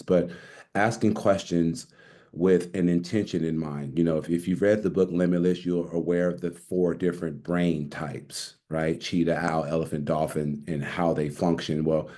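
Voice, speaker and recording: A man on a video call who shares what he learned in measured, reflective speech. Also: low voice, mellow. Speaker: agent in the coaching group.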